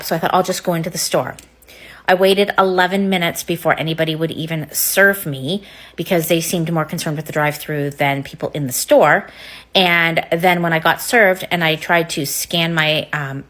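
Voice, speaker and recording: A woman's voice: low voice, fairly bright tone. Frustrated woman airing a complaint. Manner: frustrated, halting, with fillers. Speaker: customer. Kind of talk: casual complaint vlog.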